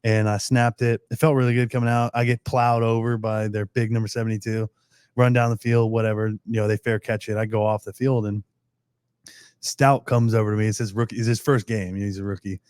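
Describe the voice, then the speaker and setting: A man's voice: on the low side, flat delivery, a little fast, a little mellow, clear, resonant tone, no echo, studio quality. A young man, a pro football player, telling stories as a podcast guest, rambling and laughing often, with casual cursing.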